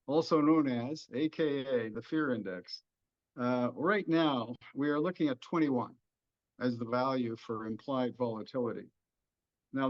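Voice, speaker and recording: Folksy Texan man on dull webinar audio. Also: mid-range voice. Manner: folksy, jokey explanations. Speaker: economist guest. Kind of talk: webinar discussion.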